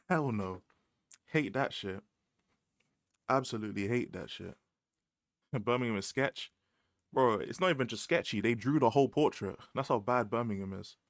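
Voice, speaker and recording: A young Londoner hosts a casual livestream about football, laughing a lot and leaning on slang and repeated phrases. His voice is mid-range, and the studio-quality recording has no echo.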